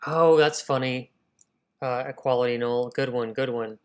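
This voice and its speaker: A man's voice: mid-range voice, moderate pace, clear, resonant tone. A man hosting a live writing session, talking casually and thinking aloud to his viewers. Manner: energetic, thinking aloud, addressing viewers as y'all. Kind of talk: casual livestream talk.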